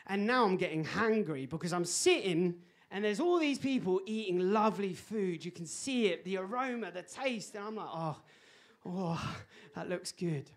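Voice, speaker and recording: A man preaching a sermon, telling a personal story in an animated, laughing way. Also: sits high, moderate pace. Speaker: pastor.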